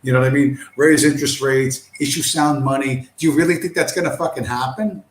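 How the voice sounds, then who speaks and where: A man's voice: medium pitch, fairly even intonation, brisk, a little hiss or hum. Ranting male streamer, profane, scornful, combative, roomy echoey room. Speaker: livestream host. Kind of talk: ranting livestream monologue. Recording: roomy echo.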